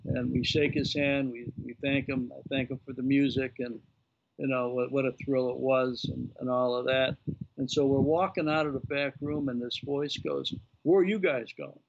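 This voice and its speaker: A man in his sixties telling an animated story on a remote interview, acting out the dialogue of the people in it. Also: mid-range voice, normal speed, gravelly. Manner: animated anecdote-teller, acting out quoted dialogue. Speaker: guest, former baseball executive. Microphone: video call. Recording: lo-fi video call audio.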